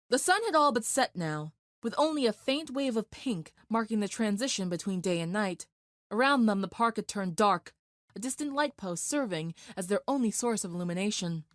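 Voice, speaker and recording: A woman narrating a dramatic fan fiction story in a steady, vivid storytelling voice. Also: mid-range voice, normal speed, no echo, studio quality.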